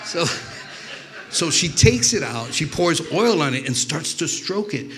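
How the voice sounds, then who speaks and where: A man's voice: fairly high pitch, sing-song, measured pace. A man from New York doing stand-up, telling rambling, profane stories full of restarts. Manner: profane, rambling, self-interrupting. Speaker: stand-up comedian. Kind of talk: stand-up storytelling.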